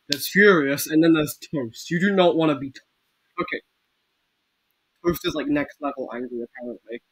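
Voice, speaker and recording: A man giving excitable, swear-filled gameplay commentary as a video game YouTuber, breaking into yelling bursts. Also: on the high side, breathy edge, dry recording, low-quality recording.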